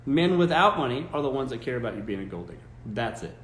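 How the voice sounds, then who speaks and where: A man's voice: medium pitch, big pitch swings, quick pace, fairly bright tone, roomy sound, a little hiss or hum. A man hosting a live stream, giving dating advice in a blunt, emphatic rant and swearing freely. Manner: blunt, emphatic, swears, mocking quoted voices.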